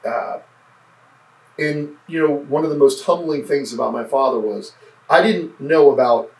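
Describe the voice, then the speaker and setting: Interview guest, male, mid-pitched and gravelly, sincere and thoughtful, roomy off-mic sound. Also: a little mellow, far from the mic. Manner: earnest, reflective, halting restarts. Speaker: podcast guest, former state senate candidate. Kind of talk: casual interview conversation.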